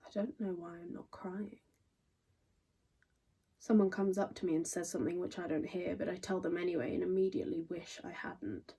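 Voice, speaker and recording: A sardonic young woman in her twenties delivers a stage monologue full of dry, crude asides. Her voice is dark and a little husky. She sounds a touch distant from the mic. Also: on the low side, normal speed. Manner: wry, deadpan, crude asides. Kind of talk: theatrical monologue.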